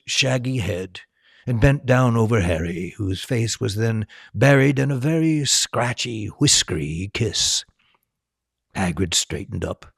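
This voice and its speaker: Male storybook narrator, husky low voice, lively melody. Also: no room sound, studio quality. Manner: slow, expressive storytelling. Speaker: storyteller and tour host. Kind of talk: storybook reading.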